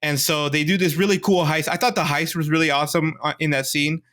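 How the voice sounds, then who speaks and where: A man co-hosting a podcast, recapping a series in an animated, excitable way. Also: fairly high pitch, fast talker. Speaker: podcast co-host. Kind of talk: casual show review chat.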